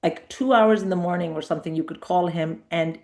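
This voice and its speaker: A middle-aged woman guest in a relaxed interview, spinning lively anecdotes in a somewhat low voice. She acts out the people in her stories as she goes. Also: brisk, vocal fry. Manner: lively anecdotal storytelling, acts out quoted dialogue. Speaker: comedian guest. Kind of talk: casual interview chat.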